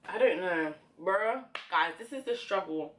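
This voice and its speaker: Soft low-voiced young woman, hesitant chat. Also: expressive, a little slow. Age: young adult. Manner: soft, hesitant, full of fillers. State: tearful. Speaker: beauty vlogger. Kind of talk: casual chat while doing makeup.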